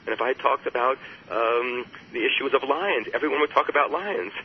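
A man who works as a therapist, speaking as an interview guest, explaining with emphasis and jumping higher when he quotes others. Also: brisk, lo-fi sound, slight background noise. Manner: emphatic, rises sharply on quoted voices. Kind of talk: earnest explanatory interview talk.

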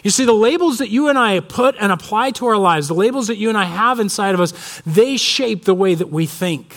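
A male pastor giving a conversational sermon that mixes prayer with personal stories, often pausing on fillers. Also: high-pitched, animated, a bit bright. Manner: conversational, frequent fillers and restarts. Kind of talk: sermon with storytelling.

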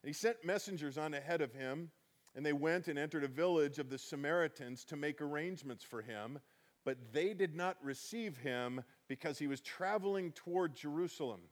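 A man's voice: fairly high pitch, normal speed. A man giving a conversational Bible teaching, reading scripture aloud and then explaining it with chatty emphasis.

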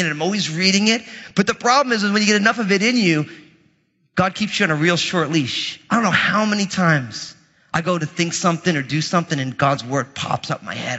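Pastor, male, high voice, energetic humorous sermon, big church reverb. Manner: energetic, humorous, conversational preaching. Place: church sanctuary. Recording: muffled audio with long hall reverb.

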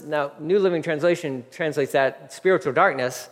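A man preaching a sermon as a pastor, animated and conversational. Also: on the high side, normal speed. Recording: long hall reverb.

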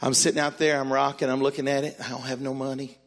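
A man, a pastor, telling a story in a sermon in an animated, exclamatory way and acting out the voices. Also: mid-range voice, quick pace.

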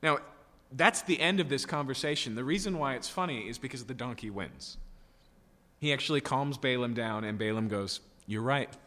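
A man's voice: medium pitch, normal speed, pushed and bright. A man preaching an expository sermon, emphatic and full of rhetorical questions and checking "okay?" tags. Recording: long hall reverb.

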